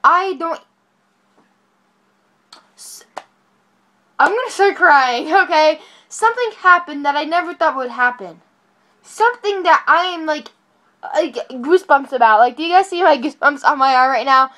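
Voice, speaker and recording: Excited high-voiced woman vlogging from bed. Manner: excited, rambling, quick self-corrections. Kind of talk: casual vlog talking to camera. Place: on a bed at home. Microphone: phone camera.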